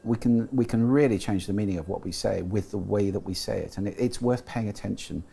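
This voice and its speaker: A man's voice: on the low side, fairly quick, creaky, dark tone, slightly rough. A British man talking in an interview, explaining carefully, with frequent restarts and fillers. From Britain. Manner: thoughtful, explanatory, with frequent restarts and "you know". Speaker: guest, sound and speech expert. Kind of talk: interview conversation.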